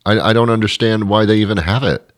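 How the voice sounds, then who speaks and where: A man's voice: lowish voice, steady tone, fast talker, no echo. A man co-hosting a casual chat, dry and wry and poking fun at his own cynicism.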